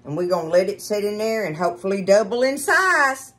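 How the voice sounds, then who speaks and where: A woman's voice: mid-range voice, very animated, a little fast, a bit bright. A woman hosting a casual home cooking demonstration in her kitchen, chatting folksily and calling her viewers y'all. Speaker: cooking show host.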